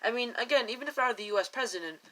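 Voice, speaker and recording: Bright-voiced young woman rambling opinions. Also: fairly high pitch, animated, racing, low-quality recording. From United States. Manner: rambling, self-correcting, with exaggerated mock quotes. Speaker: commentator. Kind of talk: casual opinion commentary to camera.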